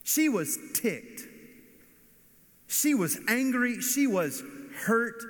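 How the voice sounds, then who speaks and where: A pastor giving an earnest, storytelling sermon that rises to emphatic points. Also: male voice, very high-pitched, big pitch swings, extremely slow, a bit bright. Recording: long hall reverb.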